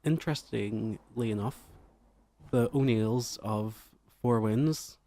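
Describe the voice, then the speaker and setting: A man's voice: mid-range voice, slow, warm tone. A young man, hosting a comedic radio show and telling absurd stories with a straight face. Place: radio studio.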